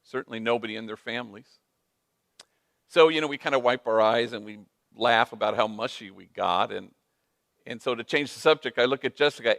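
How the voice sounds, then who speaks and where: A man in the role of a priest gives a storytelling talk with a lively, animated delivery. He mixes Spanish phrases into his English. His voice sits mid-range, and the sound is dry and close. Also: medium pitch, brisk, no room sound. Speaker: priest and speaker.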